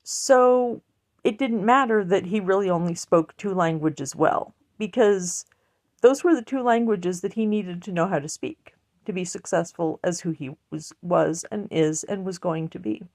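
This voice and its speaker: Slow, gravelly-voiced earnest woman. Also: on the low side, darkish tone. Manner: earnest, blunt, rambling with restarts. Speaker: online commentator. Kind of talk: emotional personal monologue.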